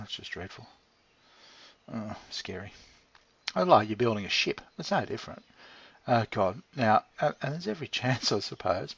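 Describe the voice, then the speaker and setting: Middle-aged man, husky lowish voice, meandering chat with a pet, lots of swearing, dull lo-fi sound. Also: fairly bright tone. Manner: meandering, swears freely, chuckles often. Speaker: channel host talking to his pet. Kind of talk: rambling casual monologue. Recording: dull lo-fi recording.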